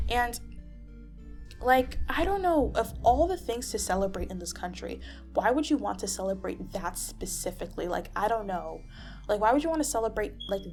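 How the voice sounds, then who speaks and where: A woman rants to camera in a casual vlog, exasperated and restarting her sentences often. Her voice has a gravelly fry. Soft music plays faintly underneath. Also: mid-range voice. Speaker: vlogger.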